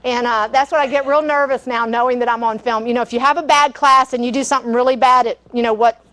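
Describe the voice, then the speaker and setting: A woman's voice: fairly high pitch, fairly even intonation, fast talker, fairly bright tone. A middle-aged woman, teaching a live cooking class and telling stories, chatty with frequent laughter and fillers.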